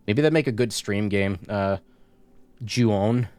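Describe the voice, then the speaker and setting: A man streaming a horror game, reading the on-screen notes aloud and tossing in joking asides in a casual, relaxed way. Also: fairly low pitch, moderate pace, clear, resonant tone, no room sound.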